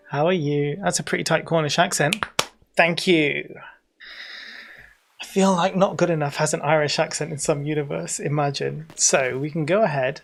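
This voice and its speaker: A chatty British man livestreaming a cozy game, explaining each menu and feature as he goes and answering his chat. His voice is fairly high with a gravelly fry, and soft game music plays underneath. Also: steady tone, normal speed. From Britain. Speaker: streamer. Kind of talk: livestream game tutorial commentary.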